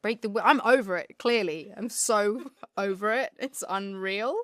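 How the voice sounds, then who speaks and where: A woman, chatting in an interview, lively and emotional, laughing and tearing up easily. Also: medium pitch, no echo, clean studio sound. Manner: animated, emotional, quick to laugh and tear up. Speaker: actor guest. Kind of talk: casual interview chat.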